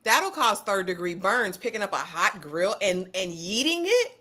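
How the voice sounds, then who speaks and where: A woman co-hosting a casual panel chat, quick and joking with emphatic slang. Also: mid-range voice, big pitch swings, bright, forceful tone. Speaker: panel co-host. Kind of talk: casual chat reacting to viral clips.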